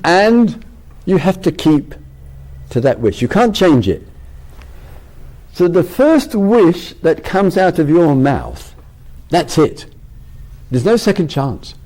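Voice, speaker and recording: A man voicing a male genie from a bottle in a told joke, slow and firm as he sets the rules. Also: fairly high pitch, very animated, a little mellow, pitched above the performer's own voice, heavily acted. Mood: stern.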